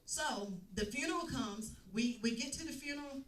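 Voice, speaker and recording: A woman's voice: high voice, normal speed, a bit bright. Woman telling her testimony at church, emotional, repeats herself, roomy echo, mic kinda far. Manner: emotional storytelling, repeats phrases. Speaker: testimony speaker. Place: church hall. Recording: echoey room, mic at a distance.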